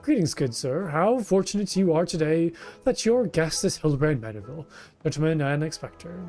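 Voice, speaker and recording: A pompous video game inspector voiced by a man speaks with lofty, old-fashioned flourish. The voice sits a little high for a man. Faint music plays underneath. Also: lively intonation, fairly quick, dark tone. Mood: grandiose.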